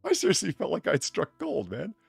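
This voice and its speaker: A man's voice: high-pitched, huge pitch swings, a little fast, vocal fry, slightly rough, dry recording. A man hosting a livestream in casual chat, telling rambling stories with lots of swearing and jokes. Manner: profane, rambling, jokey storyteller. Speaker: stream host.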